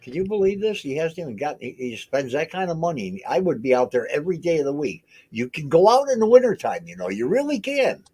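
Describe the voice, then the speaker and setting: Older man, teasing and playful, very animated pitch, casual call. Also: brisk, few pauses, husky, no room sound. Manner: teasing, laughs often. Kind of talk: casual chat.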